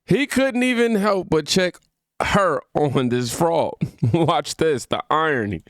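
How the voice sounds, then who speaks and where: A man's voice: on the high side, expressive, slow, a bit bright, no room sound. A man hosting a political reaction channel, talking in a slangy, mocking way with asides to his viewers. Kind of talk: casual political reaction commentary.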